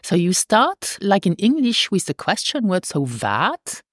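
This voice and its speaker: Slow, patient woman teaching a language. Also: mid-range voice, huge pitch swings, no room sound, clean studio sound. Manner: patient, repeats words slowly for pronunciation. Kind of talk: language lesson.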